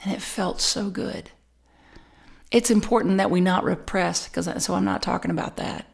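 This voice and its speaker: A middle-aged woman minister preaching a sermon, telling a personal story with lively, animated delivery and frequent repeats and restarts. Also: lowish voice, normal speed, vocal fry. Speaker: spiritual community minister.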